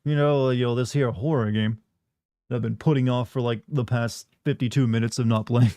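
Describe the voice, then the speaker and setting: A man's voice: medium pitch, fairly even intonation, brisk, warm tone, dry recording, studio quality. A man streaming a game, chatting casually with viewers in a rambling, sardonic way. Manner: rambling, sardonic, many "like" fillers.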